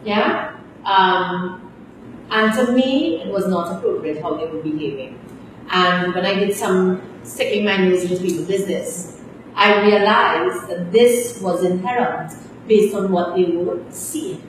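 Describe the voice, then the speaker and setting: A woman's voice: lowish voice, a little slow. A middle-aged woman teacher with a Trinidadian accent lecturing her class in a stern, scolding way, ending her points with tag questions. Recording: echoey room, distant, faint hiss.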